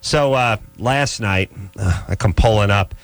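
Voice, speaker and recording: A man's voice: unhurried, no room sound. A male radio host telling a profane, exasperated story as a comic rant, with punchy delivery. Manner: punchy delivery, jumps into high mocking voices. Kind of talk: comic ranting talk radio.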